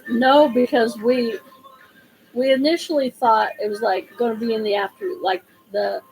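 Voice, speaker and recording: A woman's voice: a little high, fairly even intonation, moderate pace, a little mellow, a little hiss or hum, rough recording. A middle-aged woman, the host's mother, chatting casually and correcting details of a shared story. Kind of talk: casual chat.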